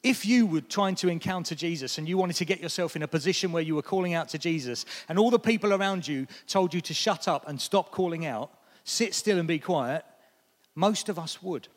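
A man's voice: a little high, fairly quick. A British man preaching a sermon, telling stories with animation and acting out the lines he quotes. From Britain. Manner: animated storytelling, acts out quotes in raised voice. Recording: long hall reverb.

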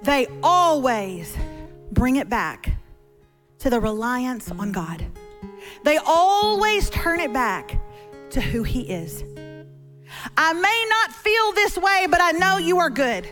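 A middle-aged woman preaching as a guest speaker from a church stage, telling stories with animated humor. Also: high voice, takes it slowly, long pauses, soft background music. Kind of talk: sermon. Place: church stage before a congregation.

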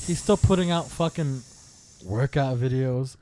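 A young man co-hosting a casual podcast, loud and profane, ribbing his friends with lots of energy. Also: medium pitch, measured pace. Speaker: podcast co-host.

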